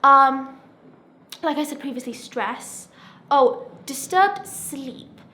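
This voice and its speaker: 16 yr old girl, high voice, earnest and halting, lots of ums and right?s. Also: animated, sharp tone. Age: teenager, 16. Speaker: self-help vlogger sharing her experience. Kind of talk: personal testimony to camera.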